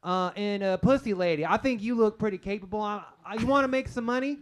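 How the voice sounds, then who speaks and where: A man voicing a loud, crude male recruiter with a put-on Southern drawl. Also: sits high, fast talker, slight background noise, pitched above the performer's own voice, natural voice. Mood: brash.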